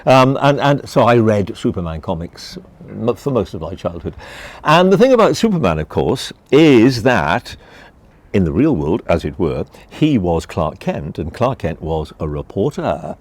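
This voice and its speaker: Older male broadcaster from Wales, deep and expressive, wry and chatty, interviewed outdoors. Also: measured pace. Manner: wry, animated storyteller who laughs at himself. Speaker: broadcaster and guest. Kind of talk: casual chat, storytelling. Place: outdoors in a garden.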